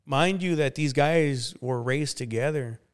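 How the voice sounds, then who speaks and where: A man's voice: mid-range voice, measured pace, clean tone. A man, a pastor and interview guest, telling his life story casually with many fillers. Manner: relaxed, conversational, many fillers like "you know".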